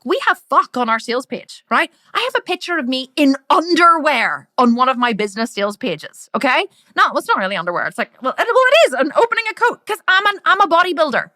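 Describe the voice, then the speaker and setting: Irish woman, middle-aged, loud and brash, sharp bright voice, dry close sound. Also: high voice, no room sound. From Ireland. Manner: loud, brash, swears freely. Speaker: business coach. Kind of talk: live training talk.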